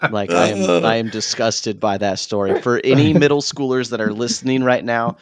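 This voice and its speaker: A man's voice: fairly low pitch, steady tone, normal speed, dry recording. A man who teaches middle school, speaking in casual chat with playful mock indignation.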